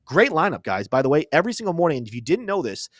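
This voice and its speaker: A man's voice: fairly high pitch, sing-song, racing, no room sound, clean studio sound. Chatty joking male crypto host. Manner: chatty, joking, self-deprecating asides. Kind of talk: casual live-stream market commentary.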